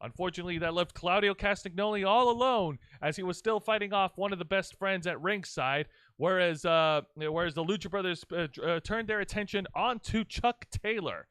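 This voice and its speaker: A man's voice: high voice, brisk, few pauses, a bit bright, clean tone, no room sound, clean studio sound. A man co-hosting a wrestling review podcast, chatting casually in a rambling, playful way with frequent restarts. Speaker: wrestling show co-host.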